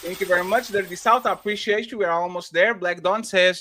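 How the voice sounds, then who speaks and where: A man's voice: sits high, a little fast, pushed and bright, a little hiss or hum. A man hosting a live panel show, reading viewer comments aloud with exaggerated, laughing delivery. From Portugal. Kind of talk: casual chat, reading super chats.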